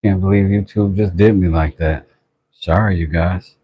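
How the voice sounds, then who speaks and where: A man's voice: low-pitched, steady tone, moderate pace, husky, lo-fi sound. A man hosting a laid-back livestream, chatting and greeting viewers. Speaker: livestream host. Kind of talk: casual livestream chat.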